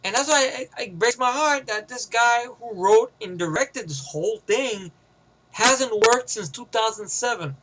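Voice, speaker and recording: A man's voice: very high-pitched, unhurried, a bit bright, slight background noise, poor audio. A man with a New York accent giving a rambling, profane, casual movie review, often getting sidetracked.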